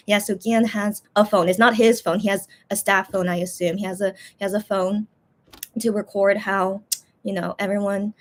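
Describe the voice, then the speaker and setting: A woman's voice: mid-range voice, level tone, moderate pace, a bit bright. A young woman chatting casually on a livestream, rambling with many fillers and restarts as she talks emotionally about a concert. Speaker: livestream host. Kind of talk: casual chat.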